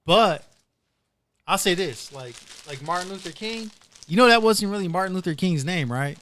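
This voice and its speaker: A man's voice: sits high, animated, normal speed, a bit bright, slight background noise. A man hosting a casual podcast, rambling through retold stories with plenty of "dude" and "like". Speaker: podcast host.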